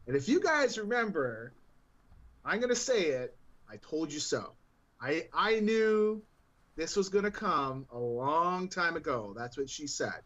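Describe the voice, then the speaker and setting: A man co-hosting a podcast from afar, rambling and relaxed as he explains, his voice sitting a little high for a man. The sound is dull and lo-fi, as if it comes over a remote connection. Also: a little slow. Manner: rambling and relaxed, with many fillers while he explains. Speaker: podcast co-host. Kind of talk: casual podcast chat. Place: remote, at a gaming convention.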